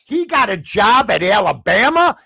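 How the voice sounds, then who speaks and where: A man's voice: sits high, normal speed, creaky, slightly rough, dry recording. An older man, a sports talk guest, telling stories and ranting in casual chat. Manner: animated, ranting storyteller.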